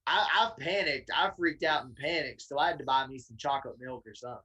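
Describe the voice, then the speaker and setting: A man from Tennessee, a guest wrestler, telling a casual, animated story with laughs and swearing. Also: medium pitch, fast talker, breathy edge, highs cut off.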